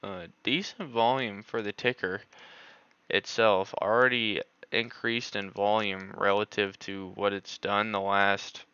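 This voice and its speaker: A man's voice: fairly low pitch, steady tone, measured pace, pushed and bright, clean tone, dry recording, muffled recording. A man doing live stock market analysis on a stream, thinking aloud with many filler words.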